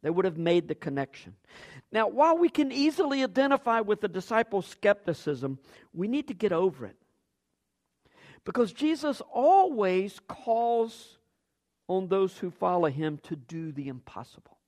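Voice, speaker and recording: Male pastor, sermon, high voice, very lively pitch, acts out voices. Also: moderate pace. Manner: animated, acts out quoted voices with big pitch jumps.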